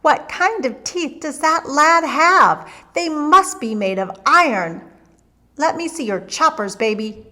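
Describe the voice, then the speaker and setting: A woman voicing a boastful, gluttonous male giant who bellows and shouts. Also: sits high, expressive, takes it slowly, voice pushed up, heavily acted. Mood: uneasy.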